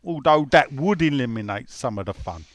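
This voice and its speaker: A man's voice: medium pitch, animated, normal speed, crowd noise. A man with a London accent, co-hosting a football podcast in casual, ranting banter full of swearing. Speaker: podcast co-host.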